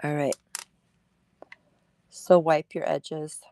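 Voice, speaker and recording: A woman's voice: low voice, flat delivery, extremely slow, vocal fry, dark tone, a little hiss or hum. A woman hosting a casual livestream craft demo at her table, chatty and laughing at herself.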